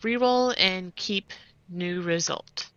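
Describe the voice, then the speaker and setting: Woman player, bright and animated, dry dull-sounding mic. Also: on the low side, slow, clean tone, no room sound. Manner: animated, laughs often. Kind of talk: casual chat.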